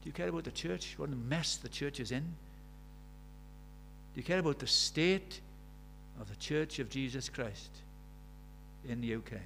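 A man's voice: medium pitch, a little slow, gravelly, pauses often, a bit bright, slight background noise. A man preaching a sermon, emphatic and storytelling, firing rhetorical questions at the congregation.

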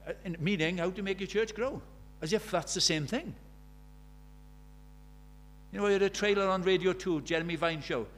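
High-voiced preacher, emphatic. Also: male voice, normal speed, long pauses, a bit bright, a little hiss or hum. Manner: emphatic, rhetorical questions, storytelling. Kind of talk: sermon.

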